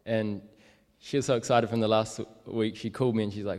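A man's voice: on the low side, fairly even intonation, a little fast, few pauses, darkish tone. Rambling young man in echoey hall. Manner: rambling, many fillers and likes. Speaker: street evangelist. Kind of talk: casual storytelling.

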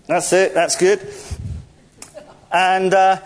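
During a church service, a man with a high-sitting voice preaches unhurriedly, telling an animated, jokey story and laughing often. His playful, interactive sermon includes directing volunteers.

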